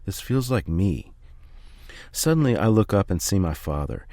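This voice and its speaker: A man reading a first-person memoir aloud in a steady, measured way. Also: deep voice, no echo. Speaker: audiobook reader.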